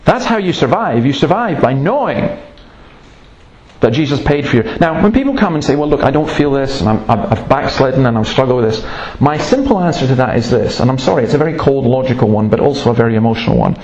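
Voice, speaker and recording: A man's voice: mid-range voice, lively intonation, quick pace, a little mellow, muffled recording. A man preaching with earnest emphasis and a mid-range voice. He leans into the points he stresses and slips into stories as he goes. The sound carries a roomy echo. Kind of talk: sermon. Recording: roomy, echoey room sound.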